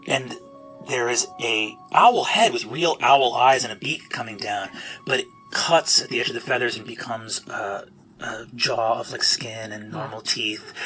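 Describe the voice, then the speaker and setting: A man narrating a tabletop game as game master, describing scenes in an animated way. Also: mid-range voice, rough recording.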